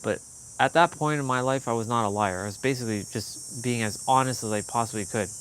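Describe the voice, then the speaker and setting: A man's voice: medium pitch, brisk, a bit bright, a little hiss or hum. A young man vlogging, telling an emotional personal story in a candid, swearing manner. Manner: candid, swearing, quoting others in heated bursts. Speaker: fitness vlogger.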